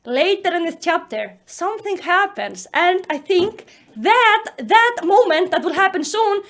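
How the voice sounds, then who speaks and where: A woman doing a sarcastic, animated book review commentary with mocking, exasperated outbursts. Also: very high voice, measured pace.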